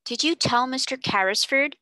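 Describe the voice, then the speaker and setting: Woman putting on a boisterous small boy, high, loud, bright, in a storybook reading. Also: normal speed, dry recording. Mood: eager. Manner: loud, excited. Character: lively, bossy little boy, Donald.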